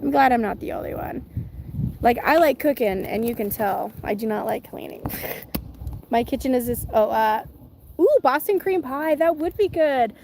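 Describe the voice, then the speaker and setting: Over a noisy background, a woman speaks in a high-pitched, lively voice at a moderate pace. She hosts a casual livestream from home, where chickens are nearby, chatting and rambling with viewers, reading their comments, and using lots of fillers and restarts. She is the channel host and a mother of twins.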